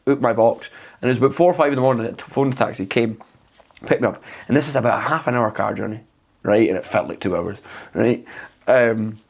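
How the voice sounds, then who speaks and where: A man in his thirties co-hosting a comedy podcast, telling a story with frequent swearing and laughs. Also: mid-range voice. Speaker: podcast co-host.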